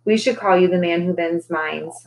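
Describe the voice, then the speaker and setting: A weary male circus manager, quiet and regretful in the wake of disaster, as a woman reading aloud puts him on. His voice is low-key and hushed. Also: moderate pace, a little hiss or hum, natural voice.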